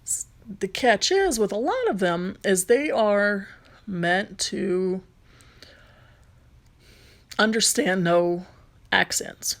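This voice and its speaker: A woman's voice: mid-range voice, lively intonation, slow, pauses often. A woman with a light Southern accent, a rideshare driver and vlogger, talking casually through a phone tutorial, rambling with frequent ums and restarts.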